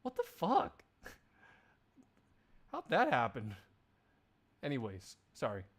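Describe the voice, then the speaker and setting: A young man chatting on a live stream, animated and swearing. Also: mid-range voice, slow pace.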